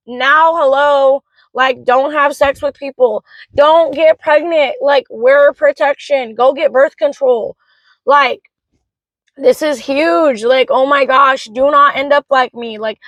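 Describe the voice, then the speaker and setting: A young mother of three vents in an emotional vlog, rushing through frank, swear-filled talk. Her voice is high and a bit bright, and the recording is dry and lo-fi.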